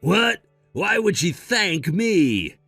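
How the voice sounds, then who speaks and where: A man's voice: high-pitched, sing-song, drawn-out words, bright, forceful tone, no echo, soft background music, full character voice. A man voicing a selfish, whiny grown man who is petulant and pushy.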